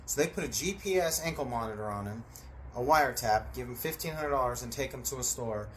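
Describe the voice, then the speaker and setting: A man telling a story in a casual, animated way, acting out voices and sound effects and swearing freely. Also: medium pitch, a little fast, a little hiss or hum.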